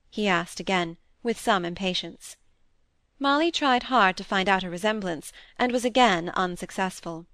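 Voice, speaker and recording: A woman's voice: medium pitch, normal speed, fairly bright tone, no room sound. Woman narrating a classic novel. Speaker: audiobook narrator. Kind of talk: scripted narration.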